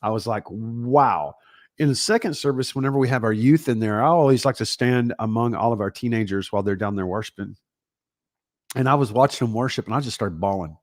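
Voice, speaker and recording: A middle-aged man with a Texan accent, a pastor chatting casually on a livestream from home, energetic and rambling as he greets viewers by name. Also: medium pitch, quick pace, no room sound, studio quality.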